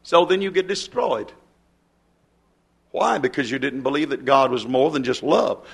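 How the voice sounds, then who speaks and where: A man's voice: mid-range voice, expressive, normal speed, gravelly, breathy edge. A man preaching a sermon as pastor, with rising and falling emphasis, acting out the voices of people he quotes.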